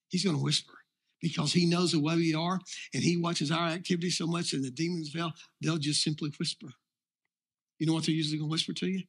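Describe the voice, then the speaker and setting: A man's voice: high-pitched, a bit bright, breathy edge. A man preaching a sermon as pastor, emphatic and building in intensity.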